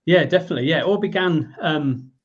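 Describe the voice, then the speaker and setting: A man's voice: on the high side, fast talker, breathy edge. English man in his fifties, muffled audio. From England. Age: 50s. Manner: lively storyteller, briefly voicing the people in his story. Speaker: guest, business owner. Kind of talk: storytelling in a podcast interview.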